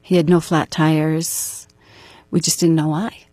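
As an interview guest, a middle-aged woman with a slightly low, husky, warm voice recounts a personal story earnestly and step by step. Her tone stays level and her pace slow. The recording is dry and close.

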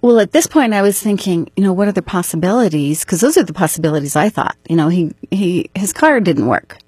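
A middle-aged woman with a slightly low, husky voice tells a personal story as an interview guest. She goes through the events earnestly, step by step. The sound is dry and close. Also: expressive, brisk, darkish tone, no room sound.

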